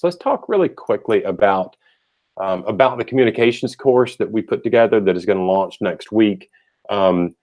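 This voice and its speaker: A man's voice: fairly low pitch, darkish tone. A man hosting a webinar, talking casually with jokes and frequent fillers and restarts. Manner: chatty, joking, many fillers and restarts. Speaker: host.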